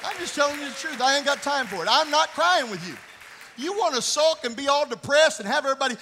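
A male pastor preaches a blunt, scolding sermon in a very high, forceful voice. He swings from plain talk to bursts of shouting. His words ring out in a long church reverb. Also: expressive, quick pace, some chatter behind, a little hiss or hum.

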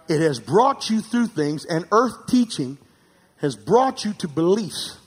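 High-voiced, fervent preaching man. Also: slightly rough. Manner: rising to emphatic, near-shouting peaks and dropping to quiet asides; calls for amens from the congregation. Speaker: pastor. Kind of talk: sermon.

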